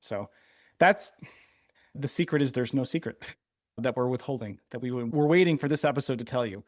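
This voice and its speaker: A man's voice: mid-range voice, normal speed, no room sound, clean studio sound. A man co-hosting a podcast in casual chat, teasing his partner and explaining at length. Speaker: podcast co-host.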